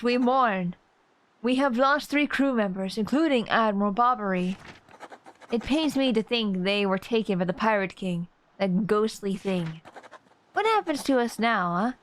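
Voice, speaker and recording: A woman voicing a pompous rich male merchant stranded on an island, reading slowly and theatrically in a put-on accent. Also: medium pitch, slight background noise, close to an everyday voice.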